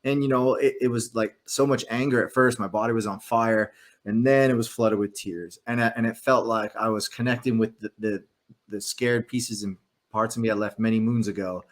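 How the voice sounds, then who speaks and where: A man who is an author and podcast guest, speaking earnestly and openly about hard personal times. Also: on the low side. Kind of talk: personal story in an interview.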